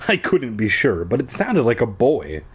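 A young man reading a storybook aloud with sarcastic asides, animated and playful. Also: medium pitch, normal speed, husky.

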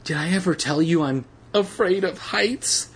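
A man voicing a nervous young girl who speaks in a trembling, hushed voice. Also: high voice, a little slow, a little hiss or hum, voice pushed up.

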